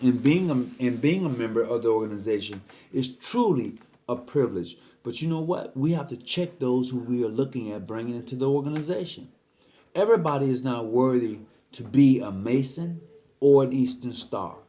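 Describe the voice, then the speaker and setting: A man's voice: medium pitch, moderate pace, dark tone. An earnest man talking casually to the camera, giving frank advice as a lodge member, often repeating himself and slipping into slang.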